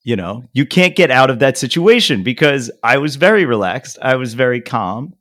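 Animated man in his thirties, lively pitch. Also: normal speed. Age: 30s. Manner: animated storytelling, swears freely, acts out others' voices. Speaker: podcast co-host. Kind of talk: casual chat.

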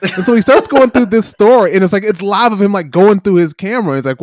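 A man's voice: high-pitched, fast talker, darkish tone, no echo, studio quality. A young man co-hosting a podcast, telling a rambling story in casual chat with many fillers and acted-out quotes. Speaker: podcast co-host.

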